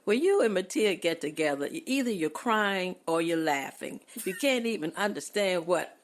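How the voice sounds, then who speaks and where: A woman's voice: lowish voice, lively intonation, moderate pace. A woman in her eighties, a guest on a podcast, chatting casually with frequent laughs and churchy turns of phrase. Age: 80s. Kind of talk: casual chat.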